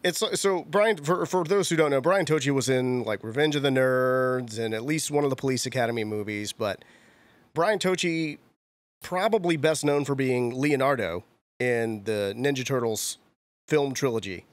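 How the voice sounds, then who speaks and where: A man's voice: medium pitch, moderate pace, dry recording. Thirties male co-host, chatty storyteller, mid-range voice, dry close recording. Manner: chatty storyteller, acts out quotes. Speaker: convention show co-host. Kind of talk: casual podcast chat.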